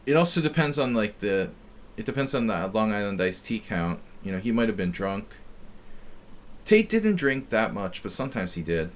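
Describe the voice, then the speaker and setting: A middle-aged man hosting a chess stream, chatting casually in a rambling, halting way with lots of fillers and restarts. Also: lowish voice, very animated. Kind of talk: casual chat while playing.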